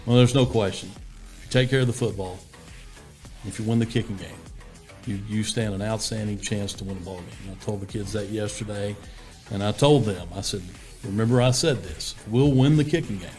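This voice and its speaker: Low-voiced coach, plainspoken. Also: male voice, fairly quick, faint music behind. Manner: steady, plainspoken, with many fillers and restarts. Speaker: head football coach. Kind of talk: interview answers.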